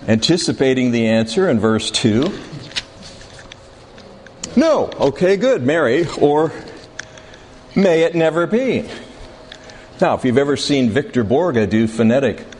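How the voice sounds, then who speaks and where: A male Bible teacher speaks at an unhurried, measured pace, his voice at an ordinary middle pitch. He pauses to question his class as he teaches. The sound carries a long hall reverb over a faint hum of background noise. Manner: slow and deliberate, questions the class. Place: classroom with a board.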